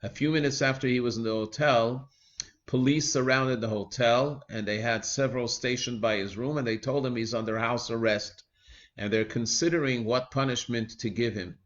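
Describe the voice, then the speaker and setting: A man of middling pitch recounts a teaching story with earnest, measured delivery. He pauses often and fills gaps with soft hesitations. The recording is dull and lo-fi, with the top end rolled off. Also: steady tone. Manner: measured, earnest retelling with frequent pauses and "uh" fillers.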